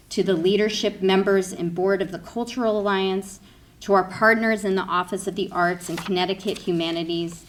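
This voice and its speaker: A woman's voice: on the low side, slight background noise. A woman delivers prepared remarks at an awards breakfast. Her tone is earnest and formal as she thanks her partners. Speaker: speaker at awards event. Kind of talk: prepared speech. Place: banquet room.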